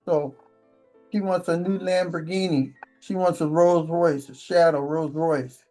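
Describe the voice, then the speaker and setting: A man's voice: a little high, steady tone, measured pace, mellow, faint music behind. A man hosting a relationship advice monologue, telling rambling stories and often tagging lines with a rhetorical question. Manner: rambling storyteller, keeps asking "right?". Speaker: channel host.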